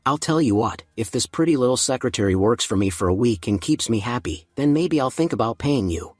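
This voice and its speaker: A man's voice: mid-range voice, animated, brisk, slightly rough, no room sound, studio quality. A man voicing a sneering crooked boss. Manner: mocking, then grovelling.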